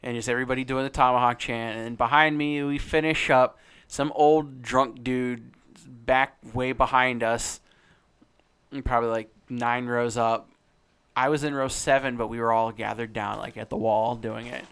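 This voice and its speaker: A man's voice: mid-range voice, fairly even intonation, moderate pace, fairly bright tone, clean tone. A young man co-hosting a sports podcast, rambling and swearing as he tells a story in casual chat. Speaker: podcast co-host.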